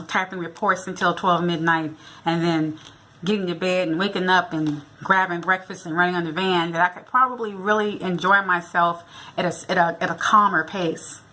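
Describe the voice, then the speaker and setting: A middle-aged American vlogger casually recounts an amusing encounter, voicing the quoted lines herself. Her lowish voice is steady, pushed, and bright at normal speed, with slight background noise.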